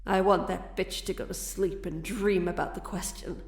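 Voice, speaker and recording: A woman's voice: fairly low pitch, steady tone, moderate pace, reverberant, close to an everyday voice. A woman playing a spiteful, sneering patient. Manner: mocking, venomous.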